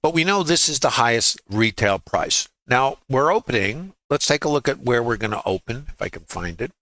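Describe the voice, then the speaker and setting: Brooklyn-accented male trading teacher, bright and forceful, folksy, quippy, rhetorical. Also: medium pitch, lively intonation, moderate pace, dry recording. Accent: New York, Brooklyn. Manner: folksy, quips and rhetorical questions. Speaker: trading educator. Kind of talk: livestream market lesson. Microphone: laptop.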